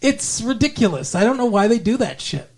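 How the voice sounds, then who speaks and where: Very animated and brisk, a man with a very high, gravelly voice co-hosts a podcast. He chats casually about a movie, rambling and cursing through the review.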